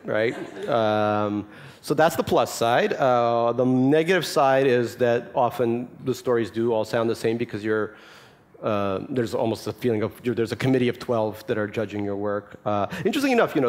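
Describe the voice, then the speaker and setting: Wry man in his forties at a festival talk. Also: medium pitch. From Russia. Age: 40s. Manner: wry, self-mocking, quick asides. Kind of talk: live festival Q&A, joking.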